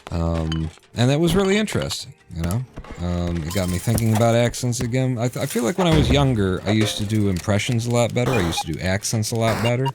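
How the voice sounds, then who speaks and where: Low-voiced man rambling while gaming. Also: fast. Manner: digressive, swears casually, trails off and restarts. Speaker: game streamer. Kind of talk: rambling commentary while playing. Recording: steady clicking noise underneath.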